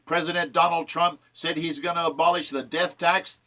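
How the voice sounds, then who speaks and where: Fiery, sharp-voiced ranting man. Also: a little high, fairly even intonation, normal speed. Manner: ranting, preachy, emphatic. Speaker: poet reciting and explaining his sonnets. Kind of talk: impassioned political commentary.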